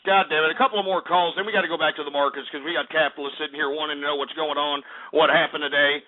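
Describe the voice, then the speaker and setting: A man's voice: a little high, fairly even intonation, quick pace, hardly any pauses. A man hosting a call-in radio show, ranting angrily at callers with lots of swearing and stammered restarts. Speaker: radio talk show host. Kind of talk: angry call-in show rant. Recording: lo-fi phone-like audio.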